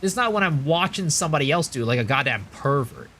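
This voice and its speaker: A man's voice: on the high side, lively intonation, quick pace, a bit bright, a little hiss or hum. A man live-streaming a game, rambling casually to his chat with lots of profanity and filler words. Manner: chats to viewers in the stream chat.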